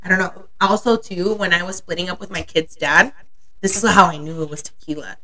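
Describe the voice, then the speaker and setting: A woman's voice: fairly low pitch, fairly even intonation, fairly quick, bright, forceful tone. A young woman co-hosting a podcast, chatting casually and telling candid stories with frequent laughter. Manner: candid storytelling, laughs often. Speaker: podcast co-host. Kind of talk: casual chat.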